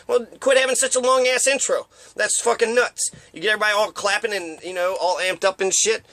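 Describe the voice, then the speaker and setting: A man's voice: high-pitched, fairly even intonation, brisk, bright, forceful tone, no room sound. A man ranting in a rambling, profane, casual way, often mocking others with put-on voices. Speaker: commentator.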